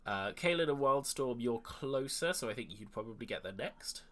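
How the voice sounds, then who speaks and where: A man running a tabletop game as dungeon master, narrating in a relaxed way with many fillers and restarts. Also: medium pitch, normal speed, a crowd in the background.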